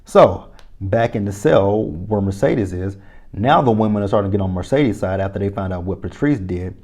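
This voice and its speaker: Profane, animated man recapping a TV episode. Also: on the low side, moderate pace. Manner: animated storytelling, profane, reacts aloud to scenes. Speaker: TV episode reviewer. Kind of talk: casual recap and commentary.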